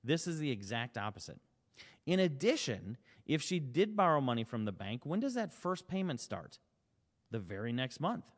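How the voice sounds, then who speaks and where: A man's voice: mid-range voice, big pitch swings, moderate pace, big-room sound. A man giving an emphatic sales presentation, asking rhetorical questions and acting out short dialogues. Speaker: company CEO presenting.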